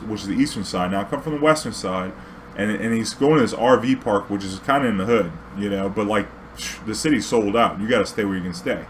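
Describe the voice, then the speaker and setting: A young former cab driver tells a loose, profane story from his driving days for a casual vlog, laughing often. His voice is on the low side and a little fast, and he keeps looping back and restarting. There's a little hiss or hum in the audio.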